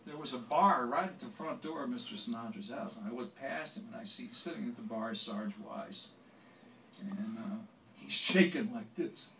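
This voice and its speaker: A man in his sixties, a songwriter on stage, telling an anecdote in a halting, self-deprecating way, full of restarts. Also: medium pitch, gravelly, a bit bright, a little hiss or hum. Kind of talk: onstage anecdotal storytelling. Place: stage before an audience. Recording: roomy, distant live stage mic.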